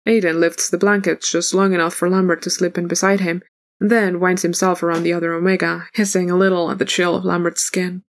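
Woman reading fiction in an even, low voice. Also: brisk. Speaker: audiobook reader. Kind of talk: fan fiction read aloud.

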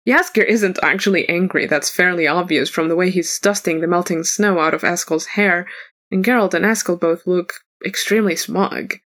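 A woman reading a fan story aloud as a narrator, in an even storytelling manner. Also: on the low side, normal speed.

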